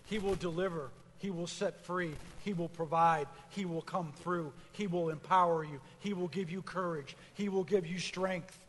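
A man's voice: sits high, steady tone, moderate pace, few pauses, fairly bright tone, big-room sound, a little hiss or hum. A man preaching a sermon as pastor, building fervor through repeated phrases and mixing in casual asides. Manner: preaching with rising fervor, repetition.

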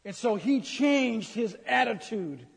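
A man's voice: very high voice, sing-song, slow, creaky, husky. A man preaching a humorous sermon, teasing the congregation and acting out grumbling complaints. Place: church sanctuary. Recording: reverberant church hall.

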